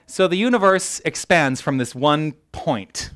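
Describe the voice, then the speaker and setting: A man preaching a sermon as a minister, animated and joking with his congregation, tripping over his words when excited. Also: on the high side, measured pace. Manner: animated, self-interrupting, jokes with the congregation. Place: church hall.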